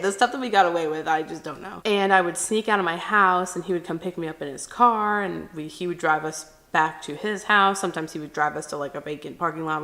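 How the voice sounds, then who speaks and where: A woman's voice: lowish voice, fairly bright tone. A young woman talking candidly to the camera, telling a personal story and acting out what people said. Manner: candid, chatty, acts out quotes. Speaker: vlogger.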